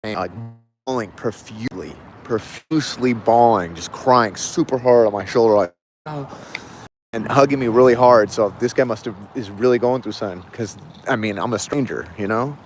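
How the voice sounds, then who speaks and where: A man livestreams while casually spinning a long, rambling story, repeating phrases and saying "like" a lot. His voice is medium-pitched at a normal speed, with slight background noise.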